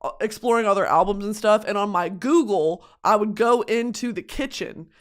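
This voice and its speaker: A woman's voice: medium pitch, moderate pace. A young woman hosting a podcast from her home studio, chatting casually and expressively, swearing often and mocking herself in exaggerated voices. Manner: expressive, swears a lot, mocking self-talk. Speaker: podcast host. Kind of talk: casual chat.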